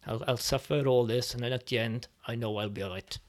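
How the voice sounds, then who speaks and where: A man as a podcast guest, speaking reflectively and hesitantly with many pauses as he tells his personal story. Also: mid-range voice. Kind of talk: personal testimony in conversation.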